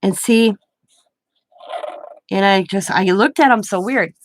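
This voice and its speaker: A woman's voice: mid-range voice, slow, a little hiss or hum. An older woman, a grandmother, chatting at home and rambling through a story with lots of self-corrections. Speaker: craft vlogger. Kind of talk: casual storytelling.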